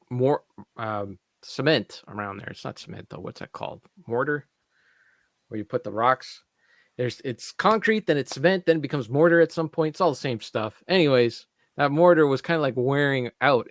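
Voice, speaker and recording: A man's voice: medium pitch, a bit bright, dry recording. A man from Canada in casual podcast chat, telling a rambling story full of fillers and restarts. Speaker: podcast co-host.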